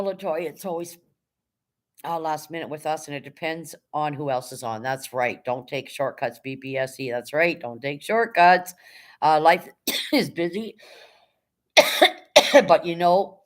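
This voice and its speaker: A woman hosting a casual livestream, talking bluntly and swearing freely while lecturing viewers and reading out their chat comments. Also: low-pitched. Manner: repeats rallying phrases, addresses viewers directly. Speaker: livestream host.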